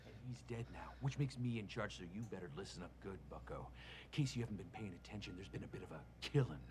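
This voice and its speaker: An actor playing a gruff, cocky hard-boiled detective with a blunt, sarcastic drawl, from a comedic mystery film. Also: male voice, on the low side, lively intonation, quick pace, natural voice. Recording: noisy film audio.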